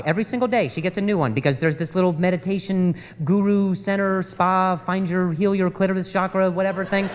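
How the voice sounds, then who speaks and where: A man's voice: high-pitched, long reverb tail. A man doing stand-up, telling an exasperated story on a comedy club stage. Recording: live club recording with audience noise.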